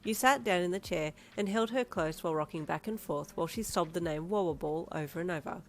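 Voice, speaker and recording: A woman narrating a second-person fanfiction audio story in an even storytelling manner. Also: lowish voice, a little fast. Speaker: fanfiction reader.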